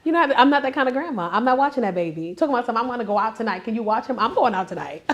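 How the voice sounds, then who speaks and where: A woman's voice: fairly high pitch, rapid-fire. A woman comedian in her forties, a grandmother, chatting in an interview and acting out her kids as she tells stories. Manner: animated storytelling, acts out family members. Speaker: stand-up comedian; interview guest. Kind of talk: casual interview chat.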